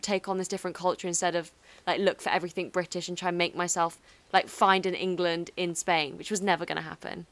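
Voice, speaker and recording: A young woman in a casual chat, telling stories in an animated way with lots of fillers. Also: on the low side, quick pace, few pauses, no echo.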